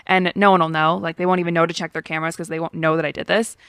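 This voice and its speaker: A woman's voice: lowish voice, flat delivery, racing, fairly bright tone, smooth, no room sound, studio quality. A woman co-hosting a podcast, telling a story in casual chat, peppered with "like" and laughs. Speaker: podcast co-host.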